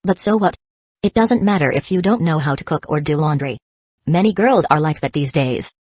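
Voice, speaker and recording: A woman voicing a calm, confident teenage boy in a storybook reading, with a smooth, even delivery. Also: low-pitched, moderate pace, no room sound. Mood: calm teasing.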